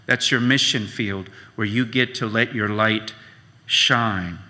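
A man preaching a sermon as pastor, slow and emphatic, repeating his key phrases. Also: fairly low pitch, fairly even intonation, pushed and bright, in a large hall.

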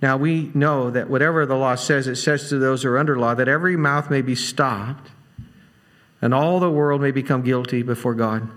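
A man's voice: medium pitch, normal speed, a bit bright. A man preaching an expository Bible teaching, reading scripture aloud and then explaining it in an earnest, conversational way, repeating key phrases for emphasis. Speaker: pastor.

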